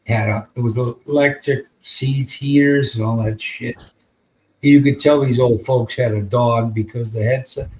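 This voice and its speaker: A man's voice: mid-range voice, slight background noise, rough recording. An American man telling a long, rambling story in casual podcast chat, with plenty of swearing. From United States. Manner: rambling, profane, laid-back. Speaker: podcast host.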